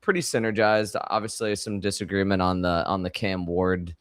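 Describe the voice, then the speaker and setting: A man co-hosting a podcast in casual chat, talking in a halting way with frequent restarts. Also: low-pitched, fairly even intonation, dry recording, studio quality. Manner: halting, many fillers and restarts. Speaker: podcast co-host.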